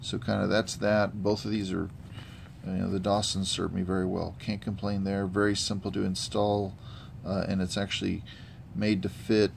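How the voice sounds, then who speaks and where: A man giving a casual, halting product review with many fillers, filming on a handheld camera. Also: low voice, vocal fry, a little hiss or hum. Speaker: gun hobbyist reviewer. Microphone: handheld camera mic.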